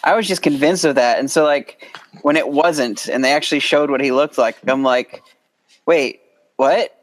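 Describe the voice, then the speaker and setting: A man's voice: medium pitch, normal speed. A young man in his twenties chimes in on a casual podcast with a mid-range voice. His replies are short and eager. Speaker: co-host.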